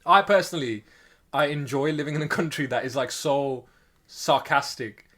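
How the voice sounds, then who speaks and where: A young man co-hosting a podcast chats casually in a slightly high voice at a moderate pace. He laughs and launches into animated, incredulous rants.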